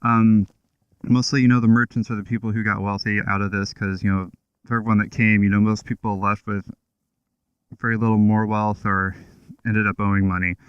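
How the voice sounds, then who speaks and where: A man's voice: on the low side, flat delivery, brisk, clear, resonant tone, dry recording, dull audio. Chatty man talking from a motorcycle. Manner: chatty, loose, offhand with fillers and asides. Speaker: motovlogger. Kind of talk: casual history talk while riding. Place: on a motorcycle outdoors.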